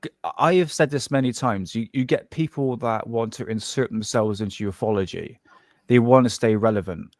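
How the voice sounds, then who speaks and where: A man's voice: medium pitch, moderate pace, a little mellow, no room sound. Dry-sounding man with a Southwest English accent. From Southwest England. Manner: rambling, restarts often, says "mate". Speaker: co-host. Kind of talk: casual live-stream chat.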